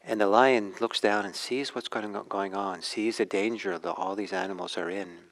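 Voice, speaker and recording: A male meditation teacher telling a teaching story in a dharma talk, gentle and unhurried, with frequent hesitations. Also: lowish voice, expressive, vocal fry, rough recording.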